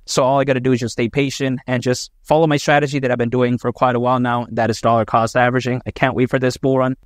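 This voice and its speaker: Fast-talking man in a crypto vlog. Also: mid-range voice, level tone, no room sound, studio quality. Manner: chatty, emphatic, says "man" and "you know". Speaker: crypto channel host. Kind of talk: casual opinion vlog.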